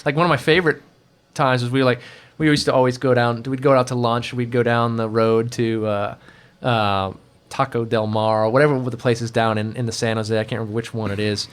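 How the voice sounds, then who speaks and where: A man spins loose, meandering stories on a podcast, laughing as he goes. He breaks into quick impressions of the people in his tales. His voice sits at an ordinary middle pitch. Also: flat delivery, smooth. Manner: rambling, laughing anecdotes with mimicked voices. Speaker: guest, environment artist. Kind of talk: casual storytelling chat.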